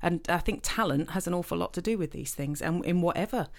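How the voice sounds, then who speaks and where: A middle-aged woman, chatting casually as a podcast co-host, self-deprecating and quick to laugh. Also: fairly low pitch. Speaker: podcast co-host, choir leader. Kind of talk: casual chat.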